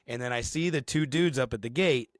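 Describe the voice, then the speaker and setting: A man co-hosting a podcast, telling a story in casual, profane, animated fashion. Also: medium pitch, brisk, no room sound. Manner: animated, profane storytelling with shouted acted quotes. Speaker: podcast co-host.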